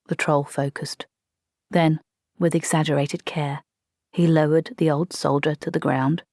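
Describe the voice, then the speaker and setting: Low, gravelly woman narrating. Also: flat delivery, a little slow, a little mellow, no echo, studio quality. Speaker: audiobook narrator. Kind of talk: scripted narration.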